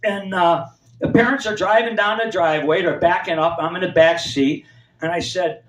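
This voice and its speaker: Picked up from a distance with roomy club acoustics, this is a man in his seventies doing stand-up storytelling. He rambles through anecdotes and performs the voices of the characters in them. He speaks at a normal speed in a high, fairly bright voice.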